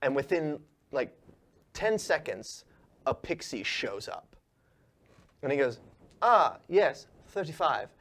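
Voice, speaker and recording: A man's voice: medium pitch, very animated, slow pace, long pauses. A man running a tabletop game as game master, narrating casually.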